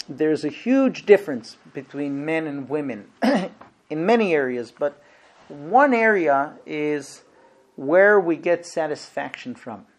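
A man teaching a marriage class to other men, making earnest points and then acting out household scenes with playful humor. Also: fairly high pitch. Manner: lively, acts out husband and wife exchanges with humor; shifts between quiet earnest points and loud playful asides. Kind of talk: lecture to a class.

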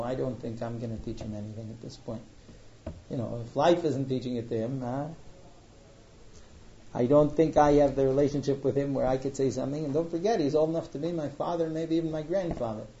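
A middle-aged man, a matchmaker, telling a story in a casual, animated way with frequent hesitations. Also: mid-range voice, a little fast, slight background noise. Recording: dull lo-fi audio.

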